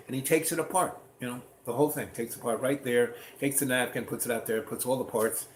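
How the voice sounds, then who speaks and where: A man telling a rambling personal story in a casual, animated way, acting out what people said. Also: mid-range voice, fairly quick, hardly any pauses. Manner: rambling, animated, acts out quotes. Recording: roomy with faint ambient noise.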